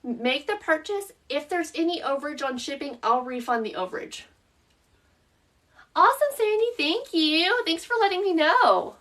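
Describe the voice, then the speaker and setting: A woman's voice: sits high, very animated, moderate pace, few pauses, a bit bright, far from the mic. A woman with a Southern accent, hosting a live-stream craft tutorial, chatting through the steps and answering viewers by name as she works.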